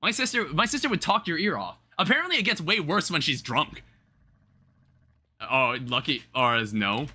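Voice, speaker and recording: A man's voice: a little high, big pitch swings, normal speed, bright, forceful tone. A young man rambling through casual live-stream chat, swearing offhandedly as he talks to viewers from home. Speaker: livestreamer.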